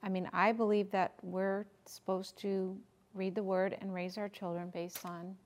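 A woman playing a quiet wife in a counseling role-play, speaking softly and hesitantly. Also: mid-range voice, level tone, measured pace, lightly acted.

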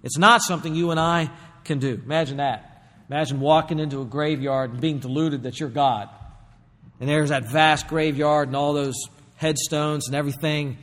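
Pastor guy preaching hard, kinda high voice, big hall echo. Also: fairly even intonation, normal speed. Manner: emphatic preaching, rising to loud bursts. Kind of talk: sermon.

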